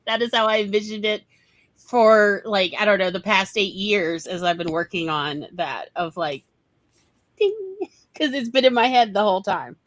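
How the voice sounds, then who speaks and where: A woman host in casual chat, talking eagerly and rambling with plenty of fillers. Her voice sits at a middle pitch. The recording is close and dry. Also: lively intonation, normal speed, dry recording, poor audio. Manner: chatty, enthusiastic, many fillers. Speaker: host, writer.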